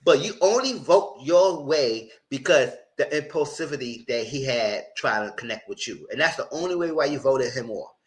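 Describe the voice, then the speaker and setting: A man recaps a reality TV show live, blunt, sassy and full of slang, sometimes slipping into mocking high-pitched voices. His intonation is lively, and he talks at a normal speed with few pauses.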